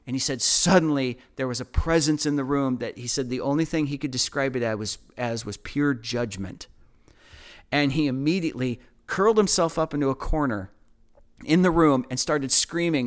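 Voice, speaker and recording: A man's voice: a little high, lively intonation, normal speed. A man, a guest on a talk show, passionately telling a testimony story, repeating words as he goes.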